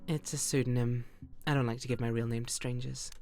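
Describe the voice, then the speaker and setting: A woman's voice: rumbling low, steady tone, brisk, mellow, soft background music, voice pushed down. Woman playing a dry, cutting businesswoman. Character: guarded Spanish woman executive, dry and cutting.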